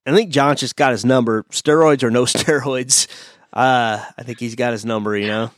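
There is no room sound as this podcast host talks at normal speed in a steady, mid-range voice. Over a video call, he casually and bluntly discusses fight picks, voicing strong opinions and running through fighters' records.

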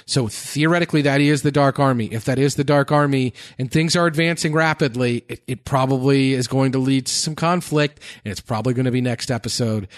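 A man co-hosting a TV discussion podcast who talks his analysis through at a steady, thoughtful pace. He leans on frequent "uh" pauses as he thinks aloud. His voice is recorded dry, with no room sound, and sits at a medium pitch. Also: dry recording. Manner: thoughtful, many filler "uh"s. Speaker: podcast co-host. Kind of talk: casual chat analyzing TV episodes.

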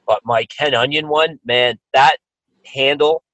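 A man's voice: mid-range voice, a little slow, no room sound, lo-fi sound. A man co-hosting a podcast, chatting casually and telling stories with acted-out quotes. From Canada. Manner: animated storyteller, acts out quotes. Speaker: podcast co-host. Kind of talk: casual chat.

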